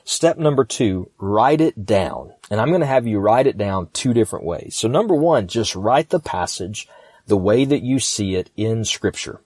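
Calm man teaching scripture, dry sound. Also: lowish voice, dry recording. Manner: calm, practical, instructional, with fillers. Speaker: pastor and podcast host. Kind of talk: podcast Bible teaching.

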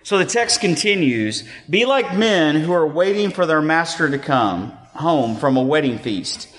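A man preaching a sermon as a pastor in a relaxed, conversational way, joking at his own expense and using lots of fillers. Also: a little high, a little slow. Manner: conversational, self-deprecating, many fillers. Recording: long reverb of a hall.

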